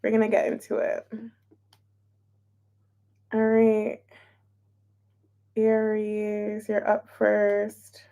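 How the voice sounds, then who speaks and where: A woman's voice: medium pitch, monotone, drawn-out words, long pauses, mellow. A woman giving a casual, playful tarot reading, chatting openly and emotionally as she shuffles and pulls cards. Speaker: tarot reader.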